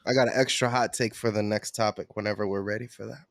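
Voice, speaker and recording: A man's voice: fairly low pitch, fairly even intonation, fast talker, gravelly, no echo, studio quality. A man co-hosting a podcast, telling a long story in a loose, casual way with plenty of swearing. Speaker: podcast co-host. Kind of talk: casual chat.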